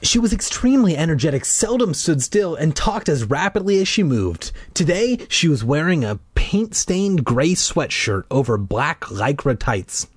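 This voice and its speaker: A man reading a story aloud in a lively way, breaking off for irreverent, swearing jokes. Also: a little high, moderate pace, hardly any pauses, husky, no room sound, studio quality. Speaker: reader. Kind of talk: comedic book reading with asides.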